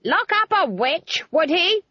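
A woman reading an audiobook, voicing a fierce, proud old witch woman who is quick to outrage. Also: fairly low pitch, big pitch swings, husky, dry recording, dull audio, heavily acted. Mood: furious. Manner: indignant shouting, drawn-out outbursts. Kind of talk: audiobook character voice.

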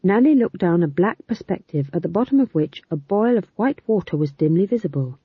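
A woman reads a comic fantasy story aloud in a lively, expressive way. Her voice sits low and a touch husky, dry and close. The sound is thin and phone-like. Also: fairly quick, no echo. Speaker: narrator. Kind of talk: audiobook narration.

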